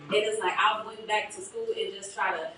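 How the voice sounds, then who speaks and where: A woman's voice: mid-range voice, fairly even intonation, brisk, pushed and bright, slight background noise. A woman from the West Side of Chicago giving an emotional, laughing thank-you speech at a book reception. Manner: emotional and laughing, quotes herself often. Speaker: guest speaker. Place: event hall at a book reception. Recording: echoey hall, mic from a distance, faint ambience.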